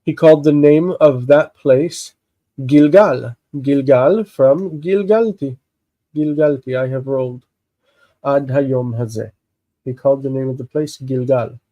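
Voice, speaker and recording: A man with congested sinuses, slowly explaining a Bible text in a live lesson, halting and thinking aloud with many fillers. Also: medium pitch, dark tone, no echo, poor audio. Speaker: Hebrew teacher.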